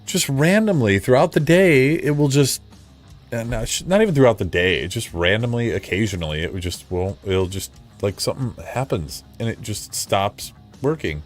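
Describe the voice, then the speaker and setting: A man's voice: medium pitch, animated, moderate pace, faint music behind. A man streaming casually, rambling and frustrated, mocking himself as he chats with viewers. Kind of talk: casual live-stream chat.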